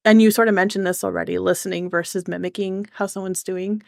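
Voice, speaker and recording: A woman's voice: mid-range voice, fairly even intonation, fast, gravelly, dry recording, studio quality. Curious Canadian woman host. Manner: curious, asks questions, frequent small reactions. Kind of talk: casual interview.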